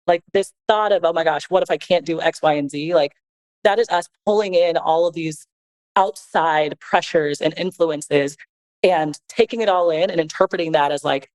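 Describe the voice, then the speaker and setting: Earnest lower-voiced woman on a podcast. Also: a little mellow, poor audio. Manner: earnest, reflective, conversational. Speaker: podcast guest and co-author. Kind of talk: casual podcast conversation.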